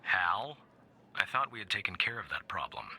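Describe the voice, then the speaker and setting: A stern agency boss in a video game who gives orders in a curt, authoritative tone. His voice is very bright and sharp, with a husky edge. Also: deep voice, very animated, moderate pace, no echo, full character voice. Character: stern male agency supervisor.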